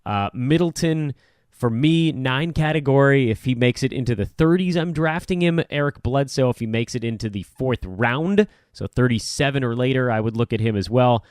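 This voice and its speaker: A man's voice: medium pitch, normal speed, smooth, dry recording, clean studio sound. A middle-aged man hosting a casual sports podcast, rambling and self-deprecating as he chats. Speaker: podcast host.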